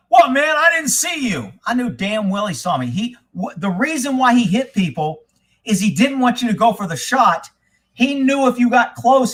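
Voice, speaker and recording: High-voiced man telling rowdy stories. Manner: animated, swears often, acts out quoted people. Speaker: podcast host telling stories. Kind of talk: casual profane storytelling.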